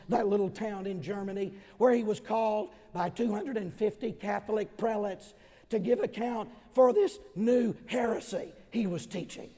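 Male preacher, high voice, dramatic storyteller, long hall echo. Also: dark tone. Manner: dramatic storytelling, voicing historical figures. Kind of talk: sermon.

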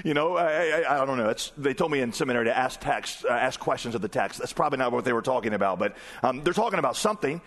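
A man's voice: mid-range voice, lively intonation, fast, few pauses, a bit bright. A man preaching a sermon in a conversational way, acting out the voices in the story he reads. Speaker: pastor.

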